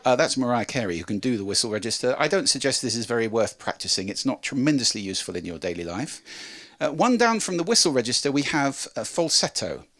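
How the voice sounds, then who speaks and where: Animated man giving a voice talk. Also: fast talker, hardly any pauses. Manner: lively, demonstrative, varies pitch and volume to show a point. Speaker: speaker on voice and communication. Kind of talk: presenting a talk to an audience.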